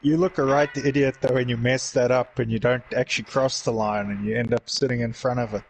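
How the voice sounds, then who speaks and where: Relaxed man co-hosting a race stream. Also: mid-range voice, a little fast, a little hiss or hum, low-quality recording. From Middle East. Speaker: livestream co-host. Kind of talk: casual commentary.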